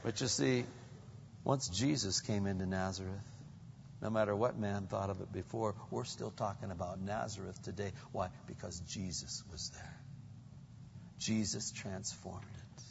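Gravelly-voiced man preaching a sermon. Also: fairly even intonation, measured pace, big-room sound, highs cut off, a little hiss or hum. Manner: acts out quoted voices with big pitch jumps. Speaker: pastor.

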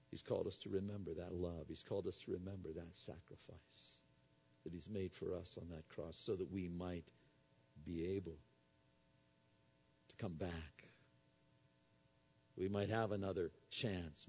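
A male pastor preaching a sermon, swinging between soft low lines and loud raised appeals. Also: steady tone, a little slow, husky, dull audio.

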